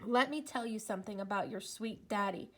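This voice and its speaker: A woman's voice: on the high side, animated, unhurried, fairly bright tone. A woman reading aloud and voicing a fierce young girl who speaks bluntly and furiously.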